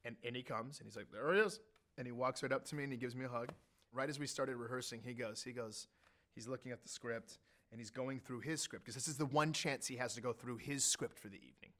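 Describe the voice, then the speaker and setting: A man telling an animated story as an interview guest, acting out what others said. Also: medium pitch, fast. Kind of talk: conversational anecdote telling.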